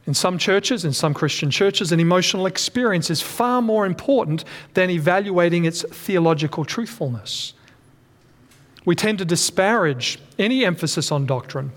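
A man's voice: a little high, long reverb tail. A man preaching a sermon earnestly, often restating his points and correcting himself mid-sentence.

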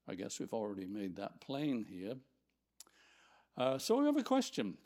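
Male Bible teacher, slow and reflective, reads scripture aloud. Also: mid-range voice, a little mellow. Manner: reflective, reads scripture aloud, pauses to find his place.

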